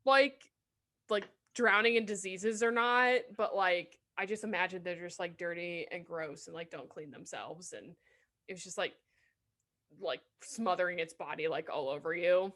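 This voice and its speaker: A woman's voice: on the low side, normal speed, a bit bright. A woman co-hosting a podcast in casual chat, telling stories with lots of fillers and silly voices for animals. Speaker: podcast co-host.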